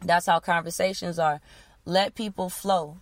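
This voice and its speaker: A woman coach leading listeners through a guided breathing exercise, giving calm, repeated instructions. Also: fairly low pitch, unhurried, no echo. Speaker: wellness coach.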